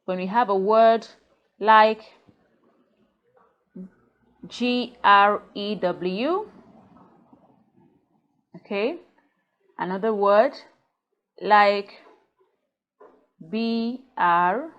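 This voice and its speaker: A woman's voice: mid-range voice, extremely slow, pauses often, dull audio. A woman teaching English pronunciation, drilling word pairs one at a time and checking in with the class as she goes. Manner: drills minimal pairs, checks understanding with "Okay?" and "Clear?". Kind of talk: slow, deliberate phonics lesson.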